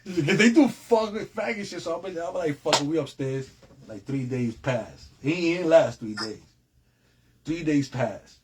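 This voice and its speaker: A man telling a story as an interview guest. He talks in a streetwise way, repeating his phrases and leaning on slang. Faint noise sits behind him, with a somewhat high voice. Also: animated, a little slow. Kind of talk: casual storytelling.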